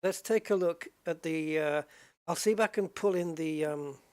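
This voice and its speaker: A man's voice: on the high side, moderate pace. A man giving live commentary while driving a racing sim, exclaiming often as he wrestles a heavy wheel. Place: home sim rig. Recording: loud racing game engine noise behind.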